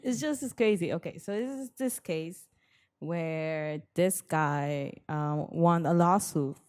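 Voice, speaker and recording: A young woman co-hosting a casual podcast chat, laughing often and dropping quick agreements. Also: sits low, a little mellow, smooth, no echo, clean studio sound. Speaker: podcast co-host.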